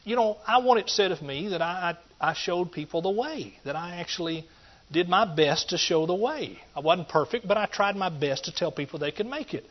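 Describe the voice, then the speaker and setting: Folksy preacher, dull recording. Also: male voice, high-pitched, animated, a little fast. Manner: folksy, swings between loud emphatic points and quiet asides, calls out to the listeners. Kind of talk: sermon.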